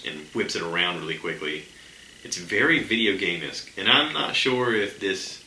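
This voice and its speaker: Deep-voiced man rambling on a podcast. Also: bright, forceful tone. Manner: rambling, chatty, many fillers. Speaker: podcast host. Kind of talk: casual solo podcast chat. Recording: echoey room with faint ambient noise.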